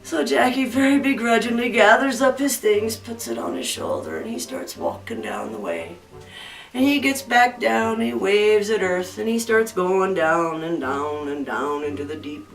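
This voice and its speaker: Playful woman telling a folktale. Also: a little high. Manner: lively, playful, theatrical. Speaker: storyteller. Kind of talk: folktale narration. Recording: roomy distant recording, faint music.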